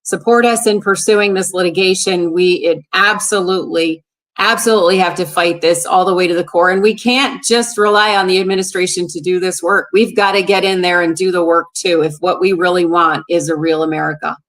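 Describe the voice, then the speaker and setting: Earnest, lower-voiced woman guest. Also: fairly even intonation, a little fast, a bit bright. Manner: earnest, urgent appeal. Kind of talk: talk show interview.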